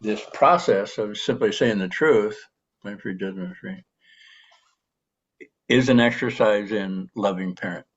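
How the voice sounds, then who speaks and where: An older man with grandchildren, explaining calmly on a podcast with frequent pauses and fillers. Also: on the low side. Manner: calm, explanatory, frequent hesitations. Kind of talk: podcast conversation. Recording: dull lo-fi sound.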